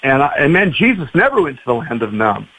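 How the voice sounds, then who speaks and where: A pastor, a man, guest on a radio talk show, telling stories with lively acted-out quotes. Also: medium pitch, fast talker, breathy edge, low-quality recording. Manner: animated, acts out quoted voices.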